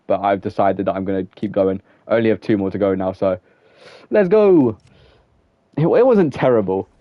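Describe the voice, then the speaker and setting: A young streamer keeps up loose, rambling chat with his viewers during gameplay, his talk thick with "like" and punctuated by laughter. His voice is fairly low, recorded lo-fi with no room sound.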